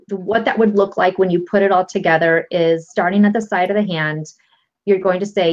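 A woman guest coach calmly walking listeners through a tapping technique step by step, with a patient, explanatory manner. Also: mid-range voice, a little fast. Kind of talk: instructional explanation. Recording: lo-fi dull audio.

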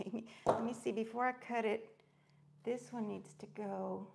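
A woman's voice: fairly high pitch, fairly even intonation, normal speed, creaky, darkish tone, breathy edge. A woman hosting a live crafting stream, chatting in an upbeat, friendly way and greeting viewers by name as she works. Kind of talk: casual live-stream chat while crafting.

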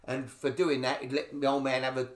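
A man's voice: mid-range voice, flat delivery, fairly quick, roomy sound. An older man with a Cockney accent, a podcast guest telling rambling stories and acting out what people said. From England. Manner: rambling anecdotes with acted quotes. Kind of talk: casual storytelling.

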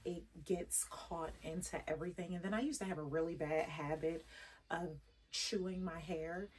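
A woman's voice: lowish voice, fairly even intonation, normal speed, breathy edge, far from the mic, soft background music. A woman fashion vlogger chatting casually and ramblingly to her viewers, sprinkling in French words.

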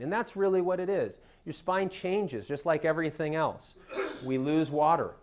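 A man's voice: fairly high pitch, moderate pace. A spine surgeon, a man, giving an educational talk for patients, explaining step by step and often checking in with "okay?".

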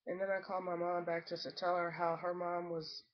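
A woman talking casually to her camera, wandering through her story with plenty of ums and asides. The sound is dull and low-fidelity, like a cheap home recording. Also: monotone, a little fast. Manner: rambling, chatty storytelling with many ums. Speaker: vlogger.

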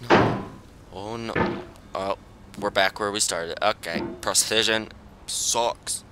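A young man commenting on his own gameplay, pleading with himself and muttering, with sudden high yelps when things go wrong. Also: steady tone, takes it slowly. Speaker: gaming channel host. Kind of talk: let's-play commentary. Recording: loud background noise.

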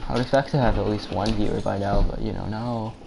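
A man's voice: fairly low pitch, steady tone, fast talker. A young man chatting loosely and joking with teammates as he streams a shooter game live. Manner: loose, joking, talks to teammates while playing. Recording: clear background game noise.

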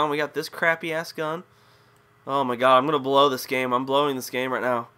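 A man's voice: mid-range voice, fairly even intonation, brisk, sharp tone, clear, resonant tone. A young man giving live gameplay commentary, frustrated, swearing and ranting at the game. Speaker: gaming commentator.

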